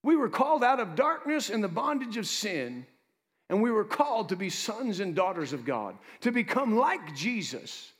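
High, lively preaching man. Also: moderate pace, big-room sound. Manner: lively preaching with asides to the congregation. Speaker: pastor. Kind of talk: sermon.

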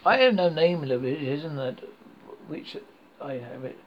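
A man's voice: fairly high pitch, lively intonation, normal speed, slight background noise, lightly acted. A man voicing a mournful, merciless male fiend spirit in a horror story reading, speaking solemnly, on a dull lo-fi recording.

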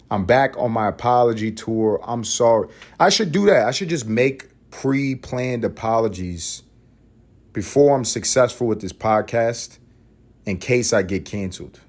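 A man's voice: mid-range voice, animated, measured pace. Crude, sarcastic male podcast host. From East Harlem, New York. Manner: crude, sarcastic, swings between loud mock outbursts and muttered asides. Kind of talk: profane comedic monologue.

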